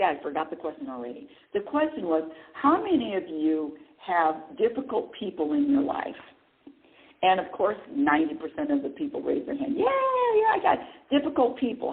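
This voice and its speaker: Brief: woman spiritual radio host, very expressive pitch, asks and answers her own questions, tinny phone-line sound. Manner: animated, asks herself questions and answers them, chuckles often. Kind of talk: spiritual talk radio monologue.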